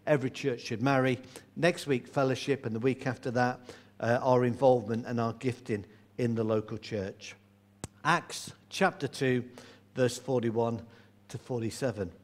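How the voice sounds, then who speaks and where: A man, a church elder, preaching a sermon in a chatty storytelling way, asking his listeners questions. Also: mid-range voice.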